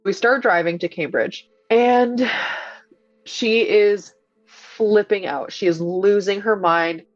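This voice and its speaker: A doula with a medium-pitched voice speaks slowly and earnestly, animatedly recounting a tense experience in the first person and quoting the back-and-forth dialogue. The recording is dry, dull and lo-fi, with faint music underneath.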